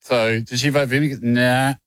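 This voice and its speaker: A man's voice: mid-range voice, fairly quick, smooth, dry recording. A young adult man with an Australian accent, co-hosting a radio show in casual banter and acting out the dialogue of a story he tells. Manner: animated storyteller, acts out dialogue. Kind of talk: casual banter, telling an anecdote.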